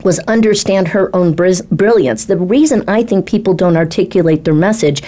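Speaking coach, female, lively storyteller with a warm, slightly low voice. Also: moderate pace. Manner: lively, acts out quoted voices. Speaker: speaking coach and talk ghostwriter. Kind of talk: animated storytelling in a panel chat.

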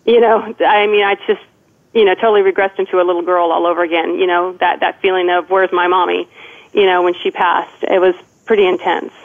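A woman's voice: fairly low pitch, steady tone, a little fast. A woman in her forties tells a personal story as a call-in guest. She is earnest and often restarts her sentences. Her voice comes through a thin, tinny phone line. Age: 40s. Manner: earnest, with frequent restarts and "you know".

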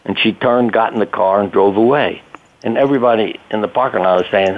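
Older man, physician guest, low voice, anecdotal, plainspoken, phone-line sound. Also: brisk. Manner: anecdotal, plainspoken, casual swearing. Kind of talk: conversational storytelling.

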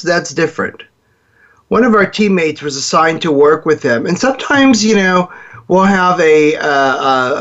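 A man hosts a show and tells a long story, acting out the people in it. His voice sits a little high for a man. The recording sounds dull and lo-fi. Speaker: host. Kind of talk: storytelling talk.

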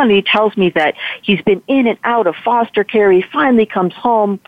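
A woman guest, a motivational speaker, telling a personal story in a lively way and acting out the voices of the people in it. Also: mid-range voice, normal speed, few pauses, no room sound. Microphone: telephone. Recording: tinny phone line, dry.

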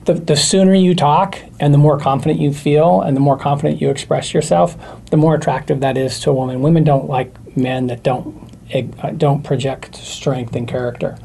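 A man appearing as a guest expert, explaining communication in a loose, animated way with many fillers. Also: fairly high pitch, moderate pace, vocal fry, slight background noise. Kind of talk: casual chat.

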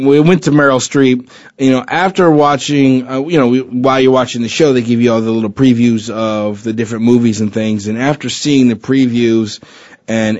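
A man's voice: mid-range voice, a little mellow, no echo. A man hosting a casual chat show, rambling with lots of fillers and restarts, joking as he goes. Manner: chatty and joking. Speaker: podcast host. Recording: dull lo-fi recording.

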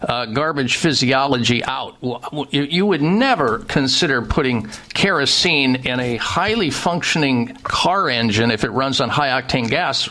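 A man hosting a radio talk show in an emphatic way, pushing his pitch up hard on key words and cutting in to make his own points. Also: lively intonation, moderate pace, hardly any pauses, sharp tone.

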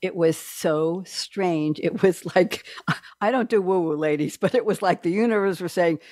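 A middle-aged woman hosting a group discussion, reading quotes aloud slowly with lively asides. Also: lowish voice, dry recording, clean studio sound. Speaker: host.

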